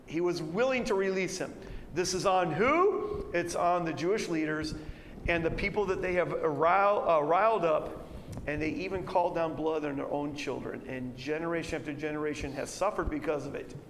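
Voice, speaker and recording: A male pastor preaching through scripture, voice swelling loud as he reads the verses and falling low and quiet to reflect. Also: moderate pace, big-room sound, a little hiss or hum. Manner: animated, rising loud when quoting verses, dropping low to reflect. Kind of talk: expository sermon reading scripture. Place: church sanctuary.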